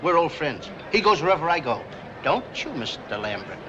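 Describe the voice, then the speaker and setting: An actor playing a flustered, bumbling short chubby man who whines and stammers excitably, in 1940s film comedy style. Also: on the high side, normal speed, background noise. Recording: lo-fi old film soundtrack.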